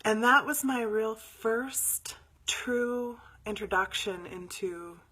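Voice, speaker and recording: A woman hosting a live spiritual show, telling a story in a chatty, animated way and sometimes dropping to near whispers before leading a meditation. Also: a little high, slow pace, slightly rough.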